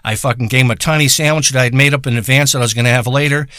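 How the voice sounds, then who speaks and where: A man telling a rambling, profane comic story in a crude, deadpan way. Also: medium pitch, racing, smooth, dry recording, studio quality. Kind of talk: rambling comedic monologue.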